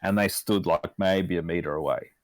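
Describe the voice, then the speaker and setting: An Australian man, a podcast guest, tells a story in casual, laid-back chat, rambling and swearing constantly. His voice is low, at normal speed, with no echo.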